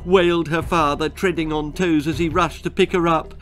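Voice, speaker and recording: A man's voice: fairly high pitch, steady tone, normal speed, a bit bright, soft background music, natural voice. A man voicing a fretful father who whimpers and gasps in a raised, strained voice, in a storybook reading. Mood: alarmed. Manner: whimpering, gasping.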